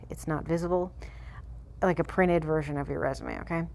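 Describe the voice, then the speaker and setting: A woman's voice: low voice, fairly even intonation, moderate pace, vocal fry, darkish tone. A woman vlogger reading a web page aloud and breaking off into blunt, mocking, profane commentary.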